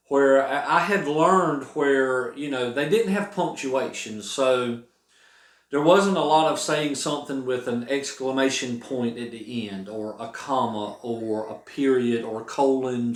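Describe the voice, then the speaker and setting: Earnest guy rambling about his song at home, mid voice, echoey room. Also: mid-range voice. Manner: earnest, rambling, with many restarts. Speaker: singer-songwriter explaining his song. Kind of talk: casual spoken reflection. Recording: roomy echo.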